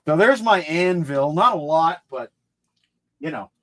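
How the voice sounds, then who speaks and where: Showing his CD collection as a livestream co-host, a man talks with lively enthusiasm in a casual chat. His voice is a little high and unhurried, with no echo.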